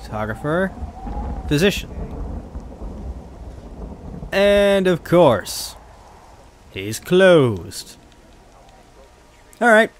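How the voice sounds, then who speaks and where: A man chatting casually through a video game playthrough, swearing freely and reacting out loud. His voice sits a little high and swings widely in pitch. Faint background noise is heard under him. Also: big pitch swings, extremely slow, long pauses. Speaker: let's play host. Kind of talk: casual gameplay commentary.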